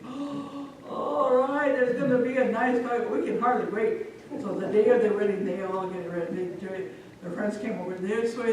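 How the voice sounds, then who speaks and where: A woman from Omaha telling a folk tale live to an audience, animated and speaking directly to listeners. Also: lowish voice, a little hiss or hum. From Omaha, Nebraska. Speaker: storyteller. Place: live public event, echoey room. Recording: echoey hall from far off.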